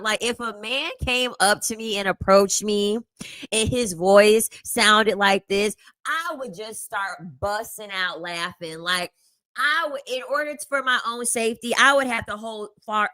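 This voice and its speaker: A young woman talking through clips in casual commentary, with a sassy, slangy delivery full of laughter. Her voice is bright and forward. It sits dry and close on the mic. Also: medium pitch, dry recording. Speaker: commentary host.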